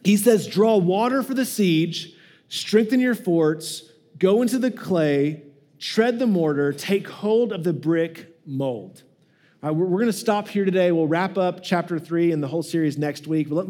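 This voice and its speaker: A man with a high voice preaches in a relaxed, joking way and slips into playful voices for the people in his stories. It sounds like a pastor talking straight to his congregation. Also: normal speed. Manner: casual and joking, acts out quoted voices. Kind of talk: sermon.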